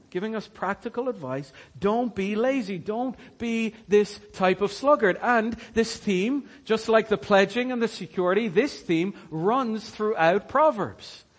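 High-voiced preacher man, emphatic. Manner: emphatic, repeats key points. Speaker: pastor. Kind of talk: sermon.

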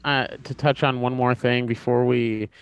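A man's voice: medium pitch, flat delivery, moderate pace, clean tone, no room sound, muffled recording. A man co-hosting a casual podcast, enthusiastic and rambling, full of "like"s. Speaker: podcast co-host.

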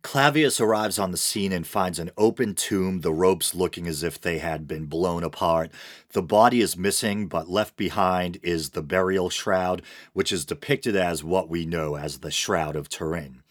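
A man's voice: sits low, moderate pace, dry recording. A man giving a casual film review, with wry, dry asides between plot summary.

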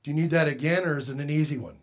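Racing along in a voice on the high side, a man preaches as pastor in a church, alternating loud emphasis with hushed passages and asking the congregation questions.

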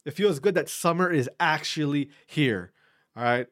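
A man's voice: fairly high pitch, normal speed, a bit bright. A man in his thirties from Wisconsin, hosting a podcast and ranting casually with profanity, his voice congested from allergies. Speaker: podcast host. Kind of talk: casual solo rant.

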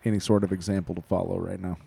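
A man's voice: deep voice, level tone, rapid-fire, vocal fry, dark tone, breathy edge, no room sound. A man from Iowa co-hosting a podcast, casually chatting about politics with blunt, folksy interjections. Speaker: podcast co-host.

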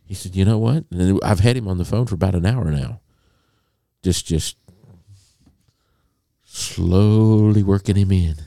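A man co-hosting a podcast, telling a long story in a casual, animated way and acting out a phone call. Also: low-pitched, brisk, gravelly, dry recording, studio quality. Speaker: podcast co-host.

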